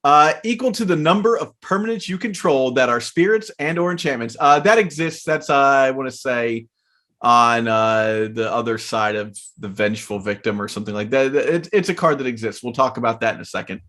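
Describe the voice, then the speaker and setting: A man co-hosting a casual podcast, reading card text aloud and chatting in a relaxed way with plenty of fillers. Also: medium pitch, a little fast. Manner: laid-back, reads card text aloud, frequent fillers. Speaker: podcast co-host. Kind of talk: casual chat about card game spoilers.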